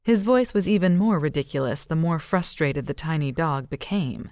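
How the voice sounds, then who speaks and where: Low-voiced woman narrating an audiobook. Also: normal speed, hardly any pauses, darkish tone, dry recording, studio quality.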